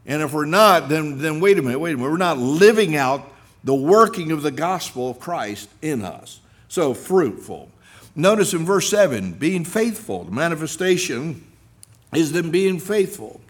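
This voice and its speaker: At a normal pace, a middle-aged pastor delivers an animated sermon, sharing personal stories and reading from scripture. He preaches earnestly, lifting his pitch and volume for emphasis and performing the voices of people he quotes.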